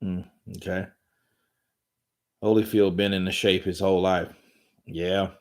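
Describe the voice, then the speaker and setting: A man's voice: low voice, flat delivery, unhurried. A man hosting a live boxing commentary stream, talking in a rambling, profane, joking way from home.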